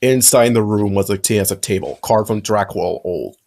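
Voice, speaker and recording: A man's voice: fairly low pitch, moderate pace, darkish tone. Man casually reading a fanfic aloud. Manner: casual read-aloud with occasional slips. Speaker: narrator.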